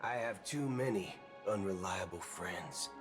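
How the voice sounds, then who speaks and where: An actor voicing a brash game cowboy gunslinger of about forty, with a raspy, gravelly Texan drawl and slangy talk. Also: male voice, low-pitched, animated, unhurried. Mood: sly. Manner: slangy drawl, swaps 'fork' for cusses. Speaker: game character. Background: game music.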